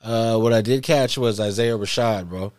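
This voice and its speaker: A man's voice: lowish voice, normal speed, a little mellow. A man hosting a casual hip hop podcast chat, talking in a loose, laid-back way and swearing freely.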